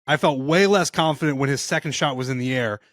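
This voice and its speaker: A man co-hosting a golf podcast, telling his side in rapid, emphatic chat. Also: mid-range voice, fairly bright tone, dry recording, clean studio sound. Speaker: podcast co-host. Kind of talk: casual sports chat.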